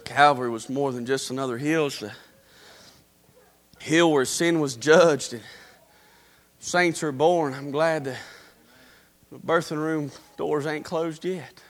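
A man preaching a revival sermon, swinging between fervent shouts and quiet murmurs. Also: on the high side, slow, long pauses. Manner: fervent, rising to shouts then dropping to a murmur.

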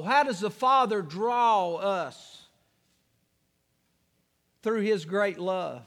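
A man's voice: extremely high pitch, fairly bright tone, long reverb tail. A man preaching a sermon, telling folksy stories and then building to fervent preaching. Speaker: pastor.

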